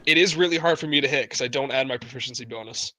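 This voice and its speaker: A man's voice: medium pitch, rapid-fire, bright, forceful tone, no room sound. A man playing in a tabletop game, chatting casually and eagerly about his rolls and rules. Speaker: player.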